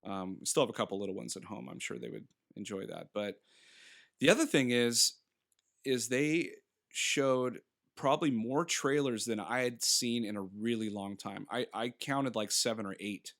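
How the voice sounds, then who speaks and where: Gravelly bright-voiced man rambling. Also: mid-range voice, normal speed. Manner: rambling, laughing, acting out characters. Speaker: podcast co-host. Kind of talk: casual film review chat.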